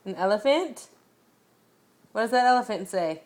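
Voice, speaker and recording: A woman at home reading a picture book to a small child, asking gentle questions and making playful animal sounds. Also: medium pitch, expressive, moderate pace.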